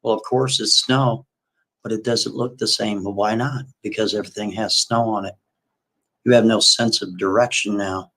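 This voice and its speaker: A man hosting a livestream, retelling a story in a casual, folksy way with repetitive, animated asides. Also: fairly low pitch, moderate pace, low-quality recording.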